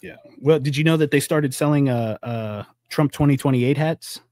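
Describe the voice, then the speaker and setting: A man's voice: normal speed, darkish tone, dry recording. Man, podcast co-host, casual political chat, rambling, profane, dry close sound. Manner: loose, rambling, profane, acts out quotes in a high voice.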